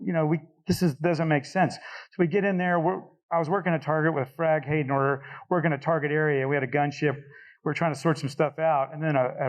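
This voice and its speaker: A man's voice: on the high side, low-quality recording. A middle-aged man, a retired pilot on a panel, tells a war story and acts out radio calls.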